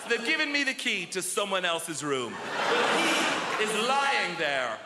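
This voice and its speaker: Male stand-up comic, high voice, wry self-mocking storyteller, echoey theatre. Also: very animated, unhurried, very noisy. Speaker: stand-up comedian. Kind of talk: stand-up routine. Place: large theatre stage. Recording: echoey hall with loud audience laughter. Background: roaring crowd laughter.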